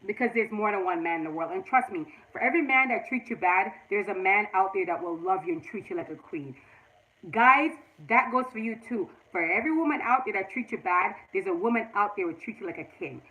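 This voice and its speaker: A woman's voice: mid-range voice, expressive, fairly quick, pushed and bright, rough recording. Earnest woman giving advice on a livestream. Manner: earnest, advice-giving, talks straight to viewers. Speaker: livestream host. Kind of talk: casual livestream chat.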